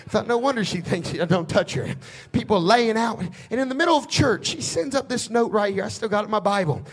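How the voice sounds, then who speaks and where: In this storytelling sermon, a high-voiced male pastor spins a folksy church tale in a chatty drawl, fairly quick and with lively intonation. Easygoing, quiet narration climbs into shouting, fervent proclamations.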